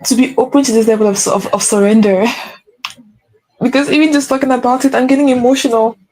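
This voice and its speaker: A woman's voice: a little high, fairly even intonation, quick pace, warm tone, poor audio. A woman giving an earnest spiritual pep talk as a faith coach, repeating key phrases for emphasis.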